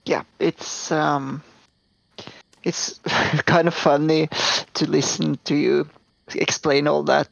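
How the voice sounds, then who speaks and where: A man's voice: on the high side, little pitch movement, takes it slowly, vocal fry, no room sound, poor audio. A man co-hosting a casual online voice chat, who is easily amused and laughs often. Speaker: co-host.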